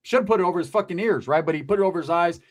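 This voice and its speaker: In rapid-fire delivery and a high voice, a Californian guest recounts his past with casual profanity and animation, doing impressions of the people he quotes.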